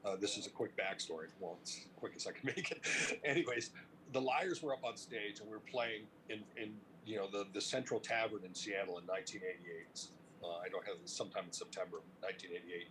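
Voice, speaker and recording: A middle-aged man from Cleveland, telling stories in a casual interview, animated and profane, laughing as he talks. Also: lowish voice, fast, slight background noise, poor audio. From Cleveland, United States. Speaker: interview guest, music industry veteran.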